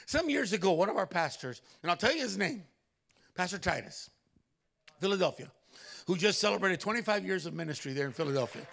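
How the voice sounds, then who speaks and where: Gravelly, high-pitched preaching man. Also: brisk. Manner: animated storytelling with loud exclamations. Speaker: pastor. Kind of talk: sermon. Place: church.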